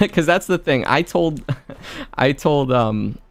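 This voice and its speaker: A male voice actor hosting a casual chat, telling animated stories with lots of laughter and restarts. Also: on the high side, slow pace, no room sound. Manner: animated, laughing storyteller who often restarts his words.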